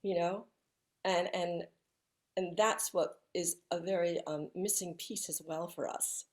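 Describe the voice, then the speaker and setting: A woman speaking as a guest in an interview, talking softly and reflectively with many restarts, over a video call. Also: fairly low pitch, steady tone. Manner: soft-spoken, halting, with frequent restarts.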